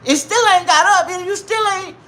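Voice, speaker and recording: A man voicing a weary, broke old grandmother who wails high and pleads through tears. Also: normal speed, sharp tone. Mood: pleading. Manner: high wailing voice, cries and pleads.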